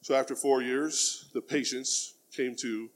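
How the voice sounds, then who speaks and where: A man's voice: mid-range voice, steady tone, measured pace. A middle-aged man giving a heartfelt personal testimony in plain, casual speech, often dropping in the word "man". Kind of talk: earnest spoken testimony.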